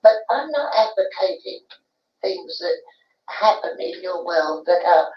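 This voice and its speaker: A woman on a séance recording giving slow, earnest teaching. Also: fairly low pitch, animated. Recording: dull, roomy old tape from far off.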